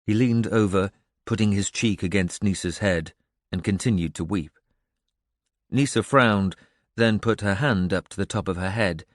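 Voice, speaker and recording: A man reading an audiobook aloud in an even storytelling manner, close to the mic. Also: on the low side, a little slow, no echo. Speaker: audiobook narrator. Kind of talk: scripted narration.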